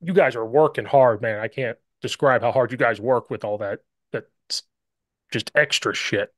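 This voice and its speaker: A man's voice: mid-range voice, moderate pace, no echo, studio quality. A man hosting a podcast, telling stories and acting out what others said in casual football chat. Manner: animated storyteller, acts out quotes. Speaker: podcast host.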